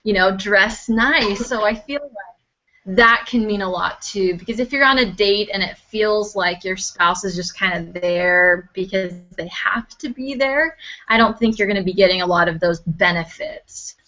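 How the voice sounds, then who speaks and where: Bright-voiced earnest woman guest. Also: mid-range voice, measured pace. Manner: earnest, thoughtful, many fillers. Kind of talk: casual chat. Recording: dull lo-fi sound.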